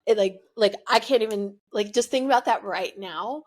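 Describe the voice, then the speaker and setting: A woman's voice: mid-range voice, normal speed, darkish tone. A young woman hosting her own show, telling a personal breakup story in a rambling, confessional way, full of "like" and "you know". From United States. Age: young adult. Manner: rambling, heavy use of "like", emotional confessional. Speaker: podcast host.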